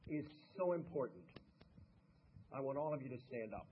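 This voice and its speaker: A man's voice: medium pitch, animated, moderate pace, muffled recording, a little hiss or hum. A man giving a motivational speech, telling folksy stories and talking directly to the audience. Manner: folksy storytelling, talks to the audience. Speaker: motivational speaker.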